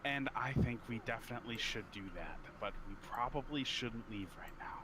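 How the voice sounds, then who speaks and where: A man's voice: mid-range voice, moderate pace, noisy background. A man playing a tabletop game, talking in a wry, persuasive way. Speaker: player. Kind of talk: casual tabletop play.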